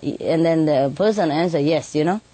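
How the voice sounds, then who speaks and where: Woman, lowish voice, chatty storyteller, laughs a lot, casual interview. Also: moderate pace, warm tone, dry recording. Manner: chatty, laughs often, many "you know" tags. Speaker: bird keeper telling stories.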